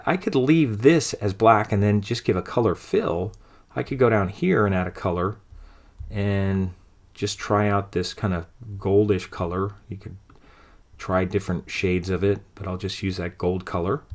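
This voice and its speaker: A man teaching a design software lesson over a screen recording, talking through each step in a relaxed, thinking-aloud way. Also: on the low side. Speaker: design instructor.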